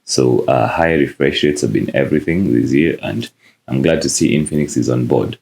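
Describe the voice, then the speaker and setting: Very deep, gravelly-voiced man unboxing. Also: normal speed. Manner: relaxed, many "uh" fillers. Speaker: tech reviewer. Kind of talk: casual unboxing narration.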